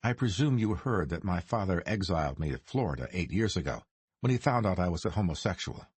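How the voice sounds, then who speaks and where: A man voicing a suave, dryly ironic mob boss's son in his forties, speaking smooth and deliberate in an audiobook. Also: deep voice, very animated, darkish tone, dry recording, exaggerated voice. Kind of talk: audiobook character reading.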